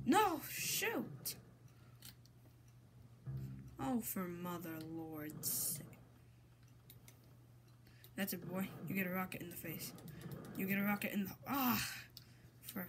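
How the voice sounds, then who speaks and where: Woman yelling at her game, slow drawn-out talk, keeps saying frick and crap baskets, faint noise behind. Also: mid-range voice. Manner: exasperated, excitable, mild minced oaths. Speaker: gamer. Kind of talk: gameplay commentary.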